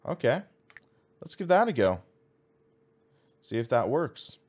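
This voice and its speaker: A man's voice: mid-range voice, sing-song, slow, slightly rough. A man streaming a racing sim, thinking aloud as he reads out menu items and chats with viewers. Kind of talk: casual live-stream commentary.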